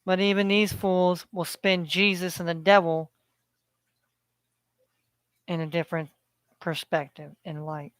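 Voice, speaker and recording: A man's voice: high-pitched, little pitch movement, unhurried, pauses often, a bit bright, no room sound. A man delivering a preachy, profanity-laden rant to his viewers, hammering points by repeating them. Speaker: vlogger. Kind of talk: ranting monologue.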